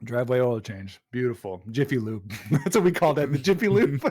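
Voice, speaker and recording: A young adult man hosting a podcast in casual chat, telling stories excitedly with frequent laughter. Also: mid-range voice, moderate pace. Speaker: podcast host.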